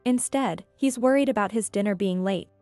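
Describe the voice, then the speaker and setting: A woman narrating a scripted first-person story in a calm, measured way. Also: medium pitch, no echo. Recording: dry with faint music.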